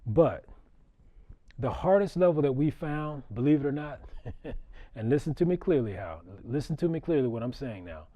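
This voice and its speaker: Middle-aged male referee, warm low-key tone, casual storyteller who restarts and repeats words. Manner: conversational, chuckling, repeats words when he restarts. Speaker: basketball referee giving a talk. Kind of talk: storytelling public talk.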